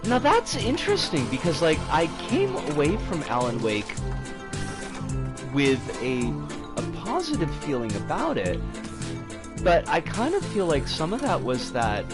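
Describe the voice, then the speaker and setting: Animated, rambling male streamer. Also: fairly high pitch, a little slow, over music. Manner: rambling, animated, frequent "like" fillers. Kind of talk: casual stream chat.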